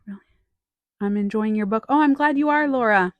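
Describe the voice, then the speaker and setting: A woman's voice: fairly high pitch, brisk, no room sound, muffled recording. Chatty woman coach, dry sound. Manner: chatty, animated storytelling with acted-out quotes. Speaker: life coach and author. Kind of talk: live stream talk answering chat.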